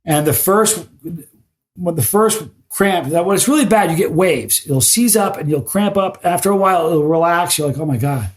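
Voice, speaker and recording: A middle-aged man sits in as a podcast guest, talking through his stories in a lively, animated way. His voice sits on the high side for a man. He often trips over his own words and repeats them as he hurries on. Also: normal speed. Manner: animated storyteller, repeats words when excited. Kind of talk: casual podcast chat.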